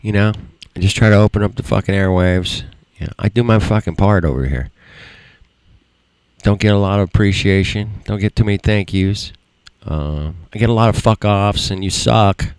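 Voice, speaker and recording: A man's voice: fairly low pitch, normal speed, a little mellow, smooth, no echo. A man hosting his own livestream, ranting bitterly and swearing constantly about running the show alone all year. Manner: profane, rambling, bitter. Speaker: livestream host. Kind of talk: frustrated rant.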